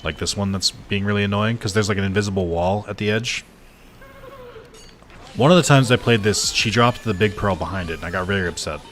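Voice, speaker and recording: A man's voice: fairly low pitch, fairly quick, a bit bright, a little hiss or hum. A man chatting casually while streaming a game, swearing freely and answering his chat. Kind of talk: casual gameplay commentary.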